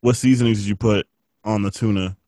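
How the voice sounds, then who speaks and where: A man's voice: fairly low pitch, fairly even intonation, fairly quick, warm tone, dry recording, studio quality. A man in casual chat who rambles, teases, and laughs often.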